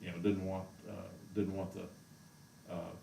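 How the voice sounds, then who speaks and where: A man's voice: low-pitched, level tone, unhurried, creaky, mellow, slight background noise. A man hosting a casual show from home, ranting in a heated, exasperated way. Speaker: show host. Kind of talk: casual rant on a livestream. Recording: roomy echo, mic far off.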